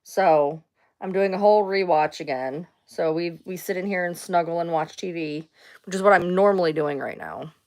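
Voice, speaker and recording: Hosting a laid-back livestream, a woman talks at a normal speed in a lowish, slightly mellow voice. She wanders loosely between subjects, answers chat comments, and lets the occasional swear word slip.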